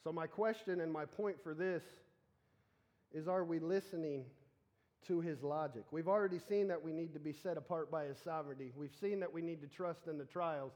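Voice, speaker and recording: Guy preaching, kinda high voice, jokey and animated, talks right to the church folks. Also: normal speed. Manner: animated, joking, talks directly to the congregation. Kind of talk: casual sermon.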